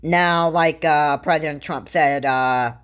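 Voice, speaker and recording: A woman talks through political views in a loose, casual commentary. Her voice sits low and she takes her time, and her thoughts wander and halt, with frequent restarts along the way. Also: a bit bright, clear, resonant tone. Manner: rambling, halting, with frequent restarts and fillers. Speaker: vlogger.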